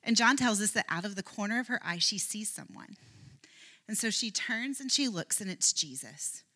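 A woman giving a Bible talk, telling the story earnestly and dropping to a soft, near-whispered voice at moving moments. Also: mid-range voice, lively intonation, normal speed. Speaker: Bible teacher.

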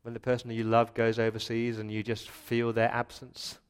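A middle-aged Australian man delivers a sermon from a church pulpit. His voice sits at an ordinary middle pitch for a man. He swings between soft, reflective passages and loud, impassioned pleading. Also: completely flat delivery, moderate pace, smooth. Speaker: pastor.

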